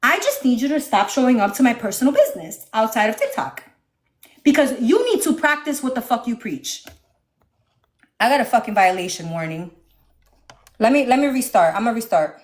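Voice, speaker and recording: A high-voiced woman from the northeastern United States rants on a phone livestream from her home. Her voice swings wildly up and down as she swears and argues, animated and confrontational throughout. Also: moderate pace. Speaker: livestream host. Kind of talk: heated livestream rant.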